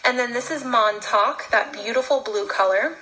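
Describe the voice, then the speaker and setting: A woman's voice: fairly high pitch, normal speed, pushed and bright, rough recording. A young woman chatting casually through a makeup unboxing, bubbly and gushing about each product. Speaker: beauty vlogger.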